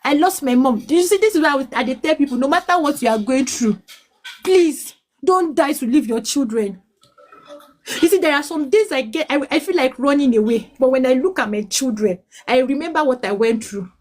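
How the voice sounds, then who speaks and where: High-voiced Nigerian woman pleading her story. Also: expressive, a little mellow. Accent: Nigerian English with Pidgin. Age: 30s. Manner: pleading, switches between English and Pidgin, halting restarts. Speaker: mother telling her life story. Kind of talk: emotional personal testimony.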